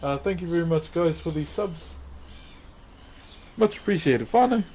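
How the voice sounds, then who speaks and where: A man's voice: fairly high pitch, measured pace, darkish tone. A young man with a New Zealand accent, chatting casually on a live stream while he carves wood, laid-back and laughing often. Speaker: streamer and woodcarver.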